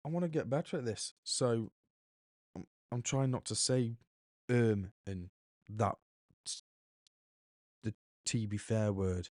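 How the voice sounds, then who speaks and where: A man's voice: mid-range voice, slow pace, pauses often, darkish tone, no room sound, clean studio sound. A young man hosting a podcast, rambling chattily and correcting himself as he goes. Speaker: podcast host. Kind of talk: casual solo podcast monologue.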